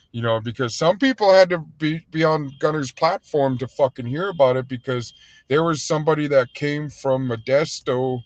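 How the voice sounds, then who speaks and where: A man's voice: mid-range voice, no echo. Rambling man on a dry close mic. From United States. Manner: rambling, loose and heated, heavy with fillers. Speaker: livestream host and restaurant owner. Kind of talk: casual livestream talk.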